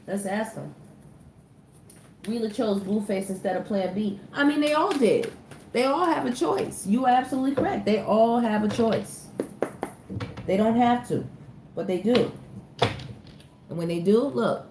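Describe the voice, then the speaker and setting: A woman's voice: medium pitch, warm tone. A woman giving a casual tarot reading, chatting straight to her viewers and laughing often as she talks. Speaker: tarot reader. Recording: echoey room with faint ambient noise.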